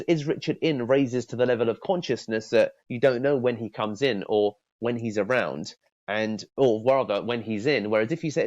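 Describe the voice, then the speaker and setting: A man's voice: medium pitch, a little mellow, no echo, muffled recording. Man coaching cold calls, repeating himself. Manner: repeats words, acts out friendly phone openers in a lifted voice. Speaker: sales trainer. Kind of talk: casual spoken training talk.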